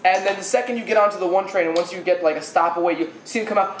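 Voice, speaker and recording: A man co-hosting a podcast, telling stories in a halting way, full of restarts, and acting out the people he describes. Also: sits high, steady tone. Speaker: podcast co-host. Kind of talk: casual storytelling chat. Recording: roomy, with faint background noise.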